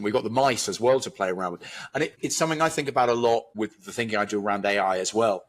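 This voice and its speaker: A man with a low, slightly husky voice talks through ideas at length. His manner is thoughtful and philosophical, and he builds each point out in long, expansive runs of reflective conversation. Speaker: guest commentator.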